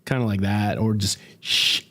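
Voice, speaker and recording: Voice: low-pitched, fairly even intonation, moderate pace, sharp tone. A streamer chatting casually on a live stream, joking around and answering viewers' questions. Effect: voice changer at times.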